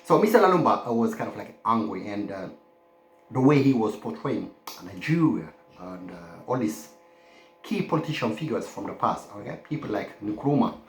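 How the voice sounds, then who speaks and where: A man's voice: on the low side, big pitch swings, normal speed. A man from the Horn of Africa talking in a loose, rambling monologue, forever adding "my friend" and "okay?". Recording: roomy echo.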